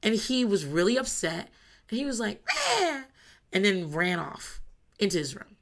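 A woman's voice: mid-range voice, lively intonation, moderate pace. A mother in her thirties talking candidly about parenting, blunt and emphatic, swearing freely. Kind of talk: casual monologue.

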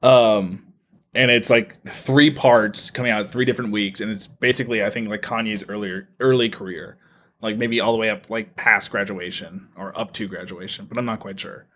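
A man co-hosting a podcast, chatting casually and rambling through his stories with halting restarts. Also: lowish voice, steady tone, fairly bright tone. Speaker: podcast co-host. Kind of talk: casual chat.

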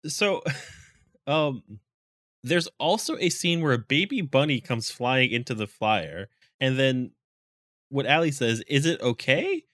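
A man casually recapping a movie, rambling with lots of "like" and quick quoted lines. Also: medium pitch, fairly bright tone. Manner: rambling, many "like"s, quotes characters in quick voices.

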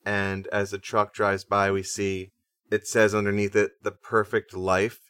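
A man co-hosting a music podcast, casually explaining things in a relaxed way. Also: lowish voice, a little slow, smooth, dry recording, studio quality. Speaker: podcast co-host.

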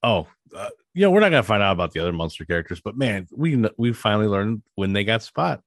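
A man's voice: lowish voice, big pitch swings, quick pace, dry recording, studio quality. A man co-hosting a podcast in casual chat, rambling and hesitant, restarting his thoughts often. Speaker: podcast co-host.

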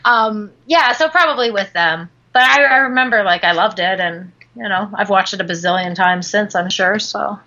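A woman's voice: mid-range voice, moderate pace, hardly any pauses, pushed and bright. A woman in her thirties co-hosting a podcast, talking casually with many fillers and some teasing and swearing. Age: 30s. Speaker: podcast co-host. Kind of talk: casual chat. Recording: dull lo-fi sound.

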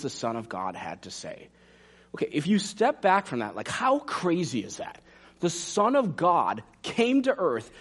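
A man preaching a sermon, animated and direct, dropping to hushed asides for emphasis. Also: fairly high pitch. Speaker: pastor.

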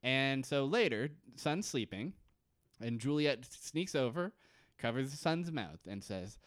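Male co-host, casual recap chat, quick to laugh, smooth clear voice. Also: medium pitch, lively intonation, dry recording, clean studio sound. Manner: joking, laughs often. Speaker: podcast co-host.

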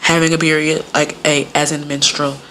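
A woman's voice: low voice, level tone, normal speed, a bit bright, slight background noise. A young woman telling stories in a casual monologue, rambling and profane, laughing often and filling her talk with "like".

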